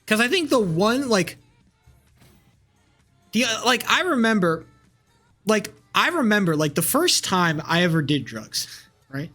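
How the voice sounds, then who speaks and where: A man's voice: sits high, very animated, measured pace, pauses often, pushed and bright, faint music behind. A young man streaming live, rambling casually with crude language and lots of fillers and restarts.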